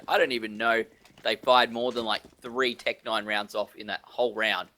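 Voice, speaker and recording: A man casting a live esports match, excitable and teasing his co-hosts. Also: fairly low pitch, a little fast, a little hiss or hum. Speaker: esports caster. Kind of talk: live game commentary.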